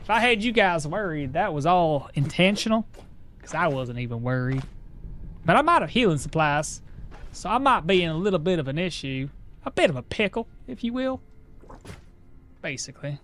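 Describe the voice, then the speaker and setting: A man's voice: fairly high pitch, expressive, fairly quick, fairly bright tone, a little hiss or hum. A man streaming a game live, chatting casually with his viewers and laughing often as he plays. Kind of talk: live gameplay commentary to chat.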